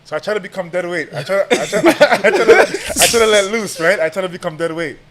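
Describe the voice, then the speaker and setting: A young man guest on a podcast, telling a story in a casual, animated, slangy way and laughing as he goes. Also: sits high, fast talker.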